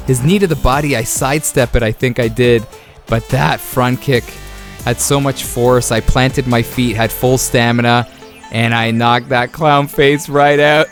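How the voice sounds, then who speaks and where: A gaming YouTuber narrates highlights from his own video game play, excitable and quick to laugh, throwing out playful trash talk. His voice has an ordinary middle pitch and a moderate pace, with soft music playing faintly underneath.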